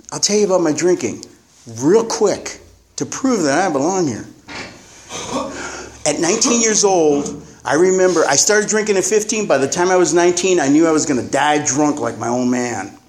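A man's voice: fairly high pitch, lively intonation, normal speed, pauses often, a little hiss or hum. A man telling his own recovery story at a meeting, blunt and rambling, with profanity. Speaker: recovering alcoholic sharing at a meeting. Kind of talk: candid personal testimony.

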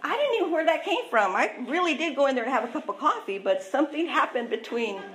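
A woman's voice: sits high, sing-song, fast, background noise. Candid woman telling her recovery story. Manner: candid, self-mocking, chatty with many "you know"s. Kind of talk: personal recovery testimony. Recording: echoey room.

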